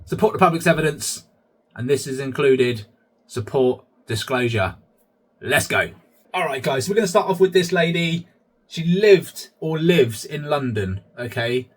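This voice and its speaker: A man's voice: on the high side, expressive, measured pace. A man hosting his own vlog, chatty commentary that keeps addressing viewers as guys. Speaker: channel host.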